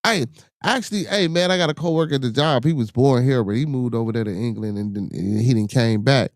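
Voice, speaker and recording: Chicago man host, loose profane rambling talk, warm tone, dry mic. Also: medium pitch, fast talker, dry recording. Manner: loose, profane, repeats himself, many restarts. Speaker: podcast host reading viewer comments. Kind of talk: casual livestream chat.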